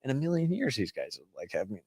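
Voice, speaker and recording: A drunk man rambles through a story, cursing freely and restarting his sentences. His voice sits at an ordinary middle pitch. The sound is dry and close, with no room around it. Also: huge pitch swings, quick pace, vocal fry, darkish tone, no echo. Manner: rambling, heavy swearing, tipsy storytelling. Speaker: guest. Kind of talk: casual drunk bar chat.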